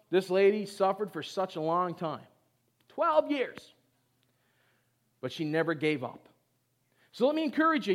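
A pastor preaching to a congregation, urging them on in short repeated phrases and asking them to answer back. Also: male voice, sits high. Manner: exhorting, call-and-response with the congregation. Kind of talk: sermon. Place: church service before a congregation.

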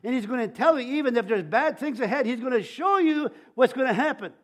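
Delivering a sermon, an older pastor recounts his own story in a preaching style, restarting and stammering through repeats while rising in volume on key phrases. He speaks fairly quickly in an extremely high pitch with lively intonation.

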